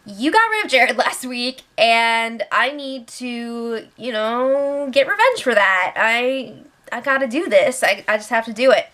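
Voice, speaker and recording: A woman's voice: a little high, lively intonation, measured pace, pushed and bright. A young woman recapping a reality show in a chatty, sarcastic way, acting out what the players said. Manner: chatty, sarcastic, retells with quoted voices. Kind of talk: casual recap commentary.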